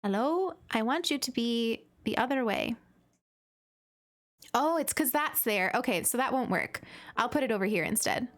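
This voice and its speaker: Chatty woman streamer, slightly high voice. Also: expressive, moderate pace. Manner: chatty and gushing, full of "like" fillers. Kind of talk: casual live-stream chat while playing.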